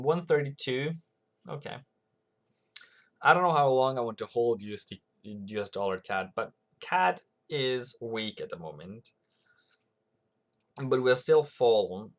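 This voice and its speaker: A man hosting a livestream who gives rambling, casual commentary on currency markets and reads out viewer comments as he goes. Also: fairly low pitch. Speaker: forex trading channel host.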